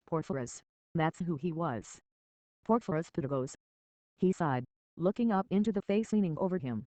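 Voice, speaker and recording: A storybook narrator reads a children's novel in a measured, steady way. The recording is dull and lo-fi, and the sound is dry, with no room around it. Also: mid-range voice, dry recording. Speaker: audiobook reader.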